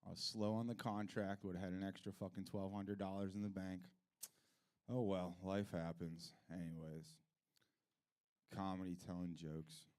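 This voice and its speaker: A middle-aged man doing a profane, rambling stand-up comedy set at a live venue, jumping between loud rants and low mutters. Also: level tone, normal speed, clear, resonant tone.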